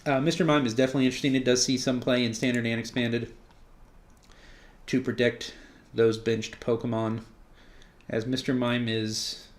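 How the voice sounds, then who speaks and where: Male gameplay commentator, mid-range voice, relaxed and chatty, thinks out loud. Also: mid-range voice. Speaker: card game player commenting on his own match.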